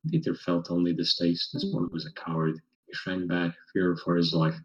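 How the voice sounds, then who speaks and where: A man reading a fan story aloud to friends in a voice chat, measured, with stumbles and restarts. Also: low-pitched, level tone, dull audio. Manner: reads in a plain measured way with stumbles and chuckles. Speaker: story reader.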